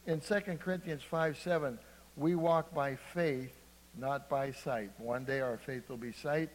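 Preacher in a reverberant hall. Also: male voice, fairly high pitch. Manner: conversational, asks the congregation "Amen?". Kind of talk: sermon.

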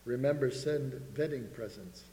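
A preacher doing an Eastern European husband. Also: male voice, medium pitch, normal speed, mellow, close to an everyday voice. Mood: puzzled. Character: immigrant husband puzzling over an invitation. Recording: echoey hall reverb.

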